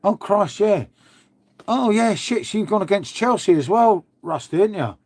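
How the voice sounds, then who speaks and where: A man hosting a live stream, chatty and blunt with plenty of swearing. His voice sits a touch high for a man and sounds close and dry, with no room around it. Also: lively intonation, normal speed, a little mellow, dry recording. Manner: chatty, swears, repeats "mate". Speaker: livestream host. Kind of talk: casual live chat with viewers.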